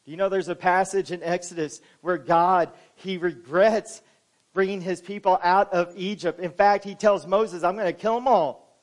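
A man preaching as pastor in a church, moving between soft, low passages and loud, emphatic ones. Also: fairly even intonation, moderate pace. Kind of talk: sermon.

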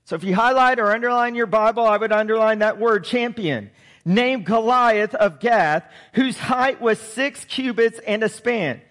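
High-voiced male pastor in a reverberant hall. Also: a little slow, a bit bright. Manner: conversational storytelling, chuckles, direct questions to listeners. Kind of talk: sermon.

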